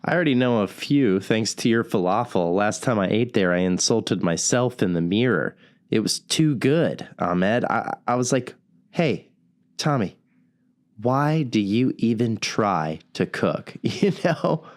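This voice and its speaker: A fairly low male voice: a man plays a broke, self-pitying radio host taking calls. He keeps up a wry, self-deprecating patter throughout. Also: lively intonation, unhurried. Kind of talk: comedic radio call-in sketch.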